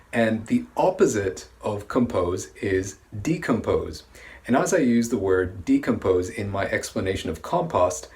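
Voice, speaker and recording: Low-voiced man teaching pronunciation slowly. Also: a little mellow. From Brunei. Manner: slow, careful enunciation of words. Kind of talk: scripted vocabulary lesson.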